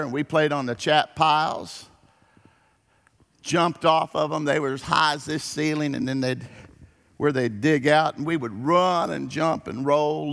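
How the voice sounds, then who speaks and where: A man preaching a sermon, telling folksy stories in an animated way. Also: on the high side. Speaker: pastor. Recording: long hall reverb.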